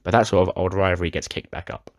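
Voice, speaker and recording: A man's voice: deep voice, fairly even intonation, fast talker. A man casually recapping a wrestling simulation game, chatty and often restarting his sentences. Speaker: game commentator.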